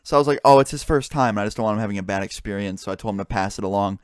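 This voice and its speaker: A man's voice: on the low side, very fast, clear, resonant tone, dry recording, clean studio sound. A young man casually telling a story, swearing often and acting out what his friends said. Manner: swearing, animated retelling with quoted dialogue.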